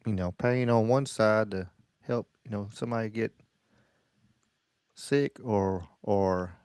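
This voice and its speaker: A man's voice: lowish voice, slow, darkish tone, clear, resonant tone, no echo, studio quality. A man hosting a podcast in loose, rambling casual chat. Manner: loose, rambling, many fillers. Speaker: podcast host.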